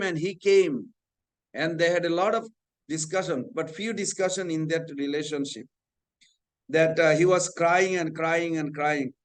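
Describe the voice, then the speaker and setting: Man telling a devotional story expressively. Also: low-quality recording. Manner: storytelling, acting out dialogue with rising pitch. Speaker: speaker at a devotional class. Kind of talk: scripture class talk.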